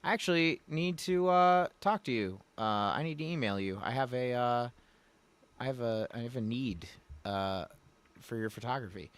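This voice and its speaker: A man's voice: mid-range voice, expressive, normal speed, clean tone, no room sound. A man hosting a casual livestream, rambling and folksy as he talks to viewers in the chat. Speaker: livestream host. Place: Louisiana.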